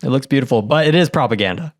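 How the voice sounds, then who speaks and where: A man's voice: mid-range voice, expressive, rapid-fire, no echo, studio quality. A man co-hosting a podcast, easygoing and wry in casual chat. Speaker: podcast co-host.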